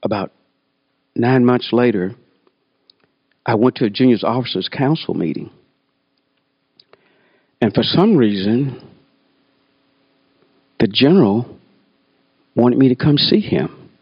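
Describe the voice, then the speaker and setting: A man's voice: medium pitch, takes it slowly, pauses often, slightly rough, no room sound. An older man in his sixties shares stories from his own life, and he slips into the voices of the people he quotes. The sound is dry and a bit dull, with no room around it. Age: 60s. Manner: animated, acts out voices in quotes. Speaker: storyteller. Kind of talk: personal storytelling talk.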